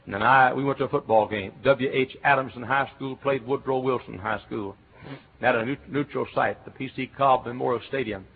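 A middle-aged man from Texas with a Texan accent, preaching a sermon as a pastor, telling stories and breaking into shouts. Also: medium pitch, fairly quick, gravelly. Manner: animated storytelling, bursts into shouts and chants. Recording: tinny phone-like recording.

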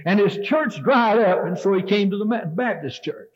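High-voiced fervent preacher, older. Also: male voice, animated, moderate pace, breathy edge. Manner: fervent, rising and falling preaching cadence. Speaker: Baptist preacher. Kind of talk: revival sermon. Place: church sanctuary. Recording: dull lo-fi sermon tape.

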